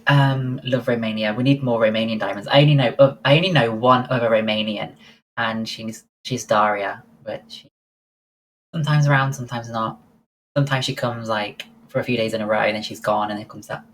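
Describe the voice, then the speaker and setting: A woman's voice: a bass voice, steady tone, brisk, slight background noise, poor audio. A woman livestreaming, chatting casually and answering her viewers' messages one by one. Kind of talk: casual chat with live viewers.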